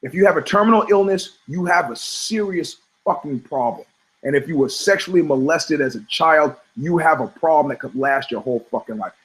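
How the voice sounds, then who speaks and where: A man's voice: fairly high pitch, fairly quick, fairly bright tone, rough recording. A middle-aged man hosting a podcast, telling rambling, profane stories in a sardonic, comedic monologue. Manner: profane, sardonic, storytelling with quoted voices. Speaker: podcast host.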